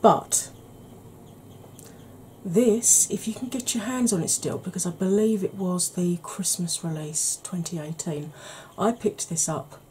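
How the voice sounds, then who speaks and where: A woman talking softly in a casual ASMR makeup video, drifting into whispers. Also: fairly low pitch, normal speed, hardly any pauses, a little hiss or hum. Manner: chatty, softly spoken with whispered stretches. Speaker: beauty YouTuber. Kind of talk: soft-spoken ASMR makeup chat.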